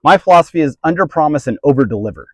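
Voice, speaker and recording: Male realtor host, earnest and emphatic, fairly high voice, dry close recording. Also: expressive, very fast, no room sound, low-quality recording. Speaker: real estate agent and team leader. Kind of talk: direct-to-camera advice video.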